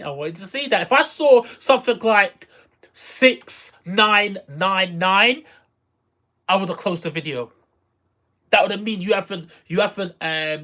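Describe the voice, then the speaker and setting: Excitable streamer with a lively, bright voice. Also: medium pitch. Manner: excitable, repeats phrases and exclaims. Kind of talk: casual live-stream reaction to a game.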